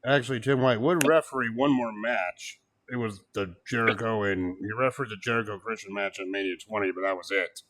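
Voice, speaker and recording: A man in casual chat reviewing an old wrestling event, animated, cursing freely and laughing as he mimics what people said. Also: on the low side, brisk, hardly any pauses, background noise. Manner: animated, swears, laughs often, mocks quotes. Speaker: podcast co-host.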